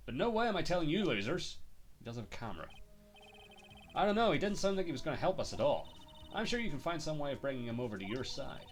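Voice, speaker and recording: A male streamer reading a detective game's dialogue aloud, switching voices for each character. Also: a little high.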